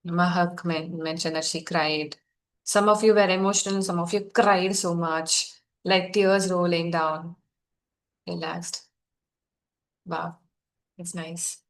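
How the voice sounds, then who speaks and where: A woman facilitating a guided healing session, speaking softly, gently and encouragingly to her group. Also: lowish voice, steady tone, takes it slowly, pauses often.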